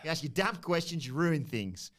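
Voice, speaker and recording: A haughty, sneering lady wrestler who scolds an interviewer, as a man reads her lines aloud. She sits a touch higher than a man's usual voice, with a lively, swinging pitch. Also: normal speed. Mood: scornful.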